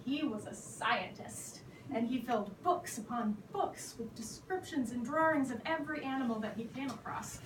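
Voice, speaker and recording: A woman performing a playful, animated children's story on a theater stage. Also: on the high side, moderate pace, background noise. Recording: echoey hall from far off.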